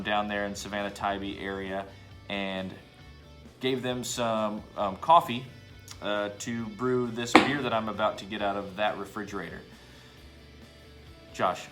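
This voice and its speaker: A man casually reviewing a beer in his home basement bar, talking in a laid-back, enthusiastic way and swearing now and then. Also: lowish voice.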